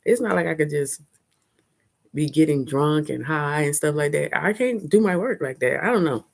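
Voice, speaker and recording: A chatty woman talks candidly to her live-stream viewers. Her voice sits low for a woman, and she laughs often as she goes. She is recorded outdoors on a phone held at arm's length. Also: lively intonation, normal speed, vocal fry. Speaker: vlogger hosting a live stream. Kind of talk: casual live-stream chat. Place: outdoors at a fair.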